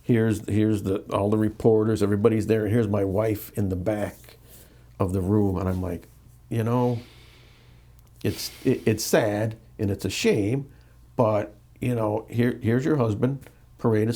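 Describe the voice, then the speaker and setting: A man's voice: on the low side, a little slow. A middle-aged American man, an interview guest, telling a candid story with many restarts and acted-out quotes. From United States. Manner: animated, repeats and restarts, acts out quotes.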